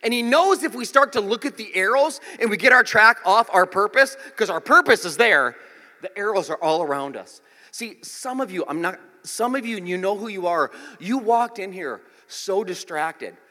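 Speaking at a moderate pace in a high, animated voice that sounds pushed and bright, a pastor in his forties delivers a sermon. He tells jokey stories with voiced quotes inside a church auditorium, and the hall's echo fills the recording.

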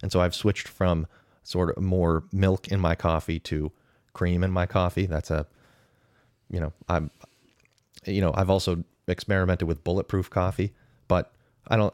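A man's voice: low-pitched, steady tone, moderate pace, darkish tone, no echo, studio quality. A man in his thirties giving casual, opinionated podcast commentary, weighing pros and cons in a conversational way. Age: 30s. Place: podcast studio.

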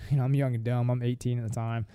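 A man's voice: mid-range voice, little pitch movement, brisk, mellow, smooth, no room sound. A middle-aged man, a firearms instructor, telling blunt, profane stories in a casual podcast chat. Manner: blunt, profane, rambling with restarts. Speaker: firearms instructor and former Marine.

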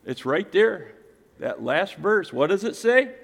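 A pastor preaching to his congregation, swinging between loud emphatic calls and quiet, low asides. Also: very animated, slow, gravelly. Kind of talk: sermon. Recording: reverberant hall.

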